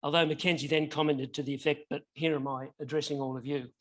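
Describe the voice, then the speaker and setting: A man with a fairly high voice serves as host and introduces the next speakers. His delivery is brief and plain. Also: little pitch movement, fast talker, a bit bright.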